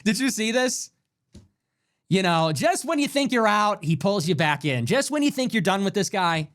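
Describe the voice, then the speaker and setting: A man's voice: on the high side, normal speed. A man running his own livestream show, ranting with emphasis and frequent swearing while sick with a fever. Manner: animated, emphatic, swears often.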